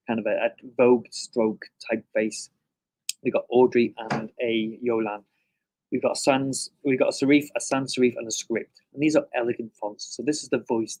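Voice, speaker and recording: A middle-aged man giving a conversational classroom lecture, often checking in with "okay?" and pausing on "um". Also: mid-range voice, a little mellow.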